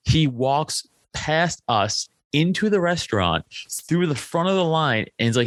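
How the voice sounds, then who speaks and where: A young man from Staten Island, a comedian guest, telling stories in a casual interview, animated and profane with many filler likes. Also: medium pitch, moderate pace, dry recording. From Staten Island, New York.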